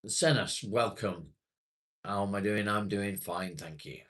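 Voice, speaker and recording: A man's voice: on the low side, a little slow, a bit bright. A British man chatting casually and rambling to viewers on a livestream, swearing now and then. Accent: British English. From England. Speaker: live streamer.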